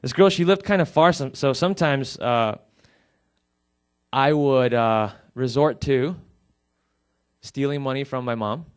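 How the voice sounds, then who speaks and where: A man's voice: mid-range voice, measured pace, long pauses, smooth. Earnest male pastor preaching. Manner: earnest, personal storytelling with pleading appeals. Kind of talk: sermon.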